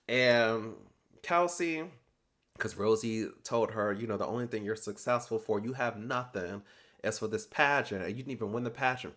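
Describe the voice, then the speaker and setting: A young adult man recapping a reality TV episode in casual commentary, animated and sassy, acting out people's lines with slangy asides. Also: lowish voice.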